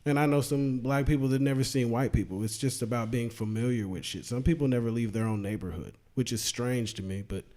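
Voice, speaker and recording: A man's voice: medium pitch, brisk, few pauses, darkish tone. A man, a comedian guest, speaking bluntly and loosely with profanity in a casual panel discussion.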